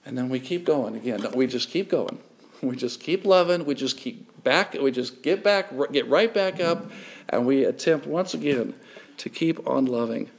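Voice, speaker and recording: A man's voice: medium pitch, lively intonation, normal speed, creaky. A middle-aged male pastor preaching a sermon in an earnest way, building to emphatic repetition.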